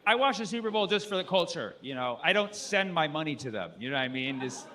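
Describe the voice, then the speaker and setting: A male stand-up comedian performing a loose, rambling set, breaking into shouted impressions. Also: fairly high pitch, sing-song, fast talker. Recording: noisy live club recording with crowd. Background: audience laughter.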